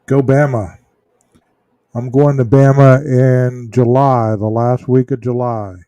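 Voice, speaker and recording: A man from Texas hosts a casual livestream and talks unhurriedly to his chat, often pausing on ums and restarting his sentences. His voice is dark and mellow, and the recording is dry and close. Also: mid-range voice, flat delivery, no echo. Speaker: true crime livestream host. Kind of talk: casual livestream chat reading viewer comments.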